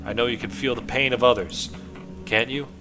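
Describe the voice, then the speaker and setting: A man reading as a pushy, shouting police detective. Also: medium pitch, fairly even intonation, normal speed, over music, natural voice. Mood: menacing. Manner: needling, swings to shouting threats. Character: gruff male police detective, pushy interrogator.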